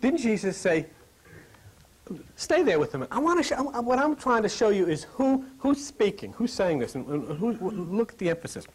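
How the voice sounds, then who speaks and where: Animated husky-voiced male preacher. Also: high-pitched, normal speed. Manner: animated, jokey, drops to whispers for emphasis. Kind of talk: lively sermon to a live congregation.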